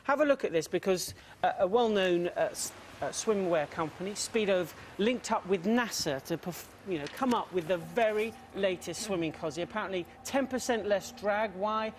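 A man's voice: high-pitched, moderate pace, hardly any pauses, a little hiss or hum. A young man presenting a live breakfast TV sports bulletin, self-mocking and chatty, a little out of breath.

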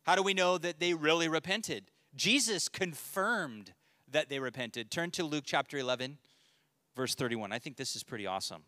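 Bright-voiced pastor teaching men. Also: male voice, fairly high pitch, animated, moderate pace, no room sound, clean studio sound. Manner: joking, conversational, reads scripture aloud. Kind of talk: casual Bible teaching. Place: church men's study group.

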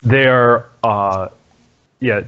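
A man narrating as dungeon master in a relaxed, halting way with many fillers. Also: medium pitch, smooth. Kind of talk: narrating a tabletop game. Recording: dull lo-fi audio.

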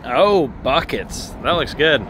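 A man's voice: on the high side, lively intonation, slow, a bit bright, slight background noise. A man casually narrating an equipment dealer's vlog, chatty and self-joking, thinking aloud as he works around a yard and shop.

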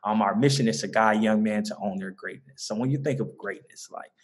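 A man's voice: lowish voice, brisk. A young man from the American South with a Southern accent, a guest telling an interviewer about his mentoring group in an earnest, rambling way full of fillers and restarts. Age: young adult. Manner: earnest, many fillers and restarts, laughs easily. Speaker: guest, mentoring organization founder. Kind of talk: conversational interview.

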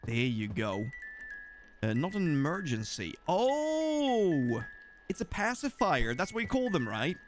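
A man's voice: mid-range voice, normal speed, music in the background. A young man with a Swedish accent giving playful let's-play commentary and chatting to the game as he plays. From Sweden. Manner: animated, joking, talks to the game. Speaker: gaming YouTuber.

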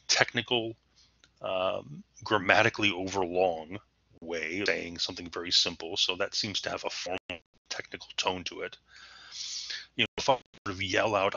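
A man with a low, very bright and forceful voice gives a recorded lesson in a relaxed, chatty way, slipping in fillers and playful spoken examples. The recording is dry and a little dull, with no room sound. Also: dry recording. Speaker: teacher. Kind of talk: recorded lecture.

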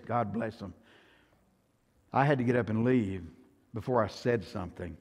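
An older man with a Texan accent preaching a sermon as pastor, swinging from hushed to loud and often repeating himself. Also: mid-range voice, normal speed, long pauses. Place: church sanctuary. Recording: long church hall reverb.

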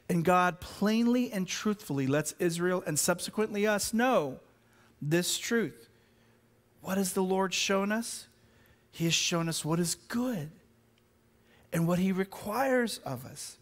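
A high-voiced pastor, an adult with children, preaches a sermon that swings between loud, excited bursts and slow, quiet emphasis on key words. He frequently stumbles and repeats himself while building his point.

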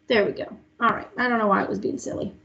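A woman's voice: medium pitch, fairly even intonation, fast, gravelly, noisy background. A young woman music teacher leading an online lesson for small children, patiently singing short lines for them to echo back. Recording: lo-fi online class audio.

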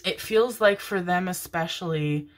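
A woman's voice: on the low side, a little slow. A woman giving a casual, rambling tarot reading, affectionate and loose, with frequent fillers and casual swearing. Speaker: tarot reader. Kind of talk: casual intuitive reading monologue.

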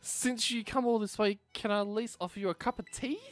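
A man's voice: high-pitched, steady tone, brisk, faint music behind, pitched above the performer's own voice, lightly acted. Man reading as a chatty, cheerful mum. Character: cheerful caring mother of a new student. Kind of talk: reading game dialogue aloud.

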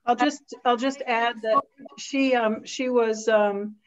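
A woman in a casual group discussion, relaying what she has read in a halting way. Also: a little high, fairly even intonation, highs cut off. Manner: reads out information, halting with fillers. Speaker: discussion participant.

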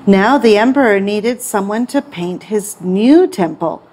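A woman teacher reading an English picture book aloud to children, with an expressive, clear read-aloud manner. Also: mid-range voice, measured pace.

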